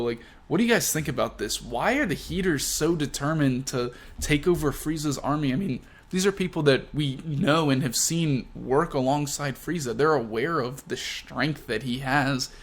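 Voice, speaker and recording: A man's voice: medium pitch, expressive, moderate pace. A man hosting a video discussion of a comic chapter, talking casually with many asides and fillers. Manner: chatty, fillers like "you know". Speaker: video host. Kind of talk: casual chat about comics.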